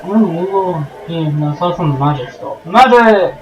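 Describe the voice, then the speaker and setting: A man's voice: on the high side, animated, measured pace, echoey room, far from the mic, muffled recording. A man casually commenting on a video game as a let's play host, rambling and joking with goofy asides.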